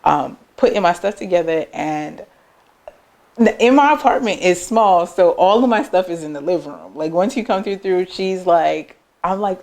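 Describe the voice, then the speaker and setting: A woman's voice: mid-range voice, a little slow. A woman business owner telling personal stories in an interview, loose and chatty, acting out her family's words as she goes. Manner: animated, acts out family members' words in quoted voices; loose conversational phrasing with frequent "like" and "um".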